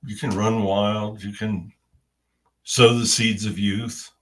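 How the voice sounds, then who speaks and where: A man delivering a spiritual message in the first person, in deliberate, halting phrases with long pauses. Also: lowish voice, level tone, distant mic.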